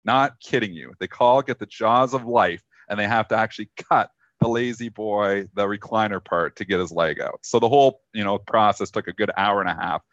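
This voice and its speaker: Low-voiced man telling a rambling story. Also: a little fast, few pauses, no room sound, dull audio. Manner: rambling, full of fillers, quotes friends in lively voices. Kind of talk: casual storytelling on a live trading show.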